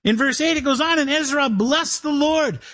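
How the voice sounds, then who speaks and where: A man's voice: very high-pitched, normal speed, fairly bright tone. A man preaching as a pastor, reading scripture aloud and acting out imagined listeners. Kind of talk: sermon.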